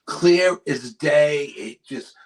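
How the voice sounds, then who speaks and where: A man with a New York accent talks very slowly in a higher-pitched voice. As an interview guest who investigates the paranormal and cryptids, he tells a spooky field story with animation, acting out what people said and whispering certain lines.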